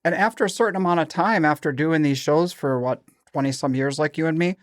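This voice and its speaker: A middle-aged man from Minnesota, a glass blower co-hosting a podcast, telling stories in a chatty, animated way with quoted dialogue. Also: a little high, quick pace, no room sound, clean studio sound. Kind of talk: casual chat.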